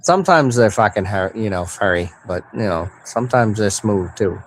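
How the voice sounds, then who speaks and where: A man's voice: fairly low pitch, lively intonation, normal speed, a little hiss or hum. A man from Maine with a Maine accent, joking and swearing heavily in casual banter. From Maine, USA. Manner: joking, heavy swearing, laughs often. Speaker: host.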